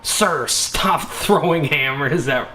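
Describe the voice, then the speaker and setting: Male gamer, unhurried joking commentary, playful silly delivery. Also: fairly high pitch, pushed and bright, reverberant, a little hiss or hum. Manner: goofy, joking, puts on silly voices. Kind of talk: let's play commentary.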